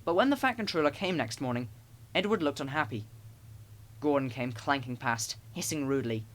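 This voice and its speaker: A man reads children's stories for an audiobook, telling them expressively. His pitch is medium and his pace a little fast.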